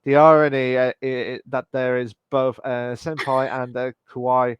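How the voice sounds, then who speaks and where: A man's voice: mid-range voice, little pitch movement, normal speed, clear, resonant tone, no echo, highs cut off. A man co-hosting a casual gaming podcast, reading out chat messages and talking with hesitant fillers. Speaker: podcast co-host.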